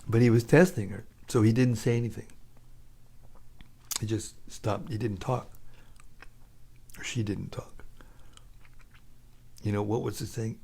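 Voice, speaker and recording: A man's voice: fairly low pitch, fairly even intonation, moderate pace, vocal fry, pauses often, mellow, husky. A man giving an informal scripture talk, storytelling casually and chuckling often. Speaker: scripture class speaker.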